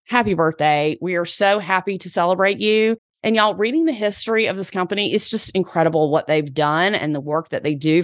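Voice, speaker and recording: A woman's voice: mid-range voice, a bit bright, dry recording, clean studio sound. A woman in her forties with a Southern US accent, hosting a solo podcast in a chatty, upbeat, slangy way. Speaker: podcast host.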